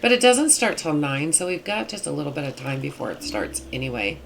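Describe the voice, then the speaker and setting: A woman hosting her gaming channel, chatting casually through gameplay in a rambling way, with a husky morning voice. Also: deep voice, very animated, a little fast, slight background noise. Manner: chatty, rambling with many fillers.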